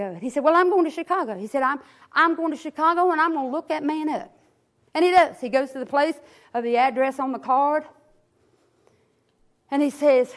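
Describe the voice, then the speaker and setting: Very high-voiced woman preaching. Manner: dramatic storytelling, rises to crying shouts at climaxes. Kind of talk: sermon storytelling.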